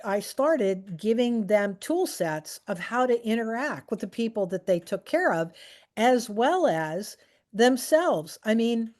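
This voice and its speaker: A woman's voice: a little high, expressive, takes it slowly, a little mellow. A middle-aged woman speaking casually to a group, chatty and anecdotal. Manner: chatty and anecdotal, with fillers and restarts. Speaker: speaker on aging and technology.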